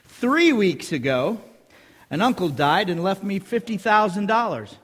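A preacher doing a sad, moping man in a spoken joke, his high voice sliding up and down as he complains. The words ring with a long hall echo. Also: lively intonation, a little slow, a bit bright, slightly rough, heavily acted. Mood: glum. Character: sad grown man who keeps inheriting money.

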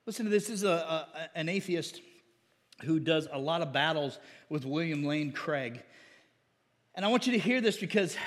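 A man preaching a sermon, animated, with laughs and mocking impressions of critics. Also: fairly high pitch, moderate pace, in a large hall. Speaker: pastor.

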